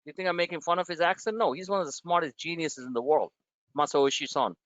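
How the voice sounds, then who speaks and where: A man's voice: on the high side, fast, a bit bright, dry recording, muffled recording. A man hosting a trading webinar, blunt and emphatic, firing off rhetorical questions at his listeners.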